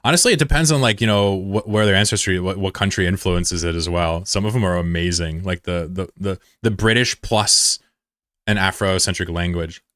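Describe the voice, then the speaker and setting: A man's voice: low voice, steady tone, moderate pace, fairly bright tone, no room sound, clean studio sound. A young American man chatting loosely with viewers on a stream, rambling and swearing freely. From USA. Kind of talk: casual chat with viewers.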